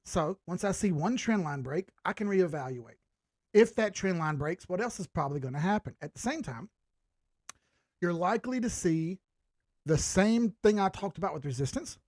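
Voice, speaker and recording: On a recording free of room sound, a man's high-sitting voice comes through. He's a stream host who analyzes crypto charts, and he walks viewers through one in a relaxed way, full of jokes and questions he doesn't expect answered.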